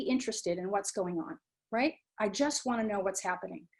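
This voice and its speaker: Speaking at normal speed in a medium-pitched voice, this middle-aged woman directs a study abroad program. Her mindfulness talk is informal and chatty, and she voices what students might be thinking to themselves.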